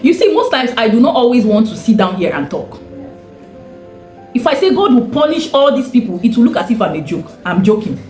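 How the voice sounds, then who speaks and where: A woman's voice: a little high, sing-song, brisk, darkish tone, roomy sound, soft background music. A woman giving fiery, condemning commentary. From Nigeria. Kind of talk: impassioned commentary.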